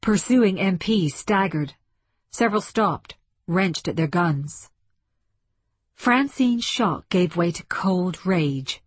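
A woman reading a story aloud as scripted narration, measured and dramatic. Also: on the low side, lively intonation, slightly rough, no echo. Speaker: audiobook narrator.

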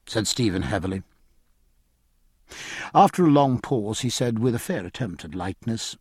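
Husky male audiobook narrator. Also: lowish voice, animated, normal speed, pauses often, a little mellow, dry recording. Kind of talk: scripted narration.

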